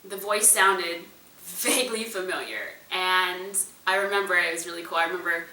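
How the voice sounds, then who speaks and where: Woman speaker telling her story to the crowd, chatty and animated, echoey room, mic a bit far. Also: fairly low pitch, moderate pace. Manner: animated, conversational, addresses the audience directly. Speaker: entrepreneur and motivational speaker. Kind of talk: personal storytelling talk. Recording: roomy echo, voice a bit away from the mic.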